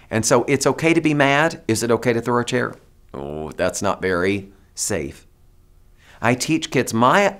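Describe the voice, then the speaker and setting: Animated man coaching teachers. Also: lowish voice. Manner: animated, demonstrative, coaxes audience to repeat phrases. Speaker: teacher trainer. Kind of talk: presentation to teachers.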